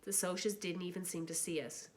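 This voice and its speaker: A woman reading a novel aloud in steady, plain narration. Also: lowish voice, fairly quick. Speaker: reader.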